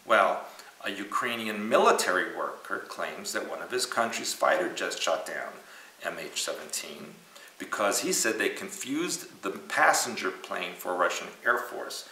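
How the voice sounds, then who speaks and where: Man, host, joking news chat, bright tone, lively swings in pitch. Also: measured pace, far from the mic. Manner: joking, animated, teasing asides. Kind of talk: casual news commentary. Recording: echoey room, off mic.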